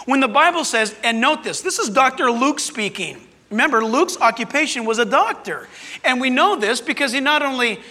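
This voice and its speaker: High bright-voiced male preacher, reverberant hall. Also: animated, moderate pace. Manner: earnest preaching, addresses the congregation directly. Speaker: pastor. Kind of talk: sermon.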